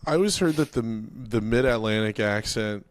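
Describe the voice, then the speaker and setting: A man's voice: fairly low pitch, normal speed. A man from the United States co-hosting a comedy podcast, rambling with lots of fillers. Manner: rambling, filler-heavy, deadpan jokes. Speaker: podcast co-host.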